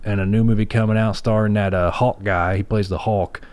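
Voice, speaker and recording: A man's voice: on the low side, steady tone, brisk, a little mellow, clean tone. A man from West Virginia with a West Virginia accent, a guest talking in a blunt, rambling, profane casual chat. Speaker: podcast guest. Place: Oklahoma City.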